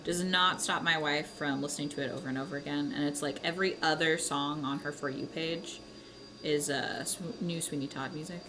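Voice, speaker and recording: A woman hosting a casual livestream from home, chatting with viewers in a giggly, animated way with casual swearing. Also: low-pitched, a little fast, noisy background. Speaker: livestream host.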